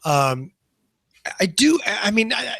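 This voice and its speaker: A man's voice: sits high, very animated, slow pace, creaky, a bit bright, no echo. A man co-hosting a car podcast in casual banter, joking and facetious. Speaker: podcast co-host.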